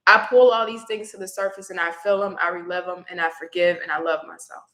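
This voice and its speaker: Woman guest, reflective and emotional storyteller, bright tone, roomy echo. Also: fairly low pitch, steady tone, fast talker. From Houston area. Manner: reflective, gets teary at times. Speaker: tarot reader guest.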